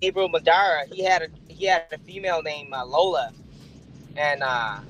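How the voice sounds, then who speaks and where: A man's voice: a little high, normal speed, a bit bright, a little hiss or hum, low-quality recording. A sick middle-aged man, a dog breeder guest, chatting casually and rambling with many fillers. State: sick, chewing a lozenge. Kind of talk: casual podcast chat.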